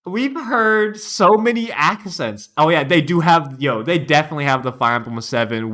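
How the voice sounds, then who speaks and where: A man's voice: medium pitch, animated, a little slow, bright, forceful tone. A man streamer giving casual reaction commentary, laughing often and joking around.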